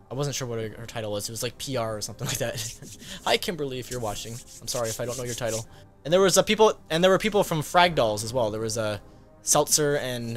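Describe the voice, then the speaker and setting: Rambling man telling a casual story. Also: mid-range voice. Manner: rambling, filler-heavy, frequent laughs. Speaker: gaming YouTuber. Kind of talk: casual story-time vlog.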